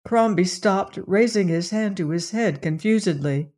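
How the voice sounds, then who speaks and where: An audiobook narrator reading a mystery novel in a measured, atmospheric storytelling manner. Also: medium pitch, a little mellow.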